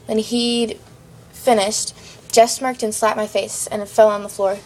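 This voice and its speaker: A woman's voice: mid-range voice, little pitch movement, measured pace, a little mellow. A woman reading a fan-written story aloud, hurrying through it with small stumbles. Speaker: fan fiction reader.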